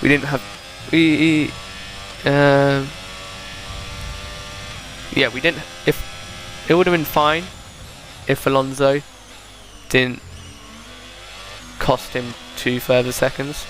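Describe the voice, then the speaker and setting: A man's voice: medium pitch, flat delivery, slow pace, pauses often, a bit bright, slight background noise. A young man giving casual, chatty commentary over a racing game replay, thinking aloud and correcting himself. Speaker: gaming video creator.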